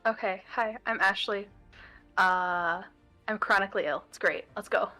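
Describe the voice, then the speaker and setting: Female player, mid pitch, chirpy and teasing. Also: pushed and bright, faint music behind. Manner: bubbly, quick quips. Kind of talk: casual chat.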